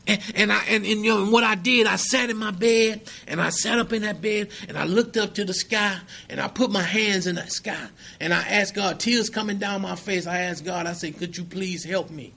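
Middle-aged man, very high and bright voice, emphatic recovery testimony at a meeting. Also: moderate pace, creaky, hardly any pauses. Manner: emphatic and earnest, peppered with "man" and "right?". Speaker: recovering addict sharing at a meeting.

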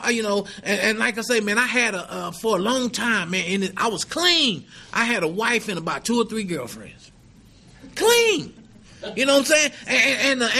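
A man's voice: extremely high pitch, sharp tone. A middle-aged man sharing his recovery story at a meeting, earnest and emphatic, with many asides of "man" and "right?". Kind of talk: personal recovery testimony.

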